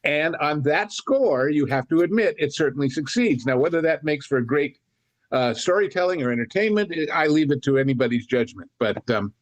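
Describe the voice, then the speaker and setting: This man has a fairly high, expressive voice and talks fairly quickly. As a podcast co-host, he discusses films casually, telling long, rambling anecdotes packed with asides.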